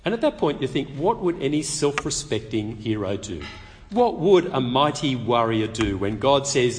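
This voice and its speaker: A man preaching a sermon, telling the story lively and acting out the quotes. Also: mid-range voice, normal speed, big-room sound, a little hiss or hum.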